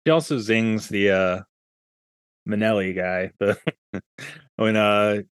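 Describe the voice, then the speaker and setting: A man's voice: on the low side, level tone, takes it slowly, clear, resonant tone, dry recording, studio quality. A man hosting a casual movie podcast, talking in a rambling way and laughing as he speaks. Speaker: podcast host.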